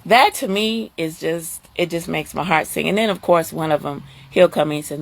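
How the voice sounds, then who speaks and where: Chatty middle-aged woman live-streaming to viewers. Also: creaky. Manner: chatty and animated, with quick jumps up into a high squeal of surprise. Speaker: host talking to live viewers. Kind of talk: casual live-stream talk.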